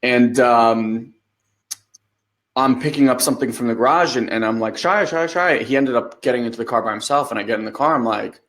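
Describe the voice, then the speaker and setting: A man in his thirties co-hosts a podcast in casual conversation. He talks at an ordinary middle pitch and tells stories in a loose, animated way, swearing now and then and acting out what people said. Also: brisk. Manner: animated storytelling, acts out quotes, swears casually. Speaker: podcast co-host.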